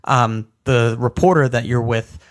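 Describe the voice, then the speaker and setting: A man's voice: medium pitch, unhurried. A man co-hosting a casual video game podcast, animatedly retelling funny game scenes and laughing as he talks. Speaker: podcast co-host. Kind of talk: casual chat about video games.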